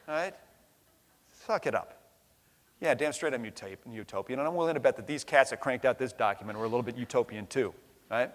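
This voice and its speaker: A man's voice: a little high, a bit bright. A middle-aged man giving an impassioned conference keynote, blunt and emphatic, swearing casually and tagging points with "right?". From United States. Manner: blunt, profane, emphatic, frequent "right?" tags. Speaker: conference plenary speaker. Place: large conference hall. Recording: long reverb of a large hall.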